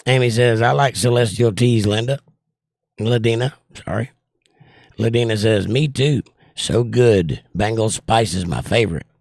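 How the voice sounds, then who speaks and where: A man's voice: on the low side, measured pace, vocal fry, a little mellow, no echo, studio quality. A man hosting a casual livestream, reading viewer comments aloud and joking back, his voice strained and short of breath. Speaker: livestream host reading chat. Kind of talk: casual chat.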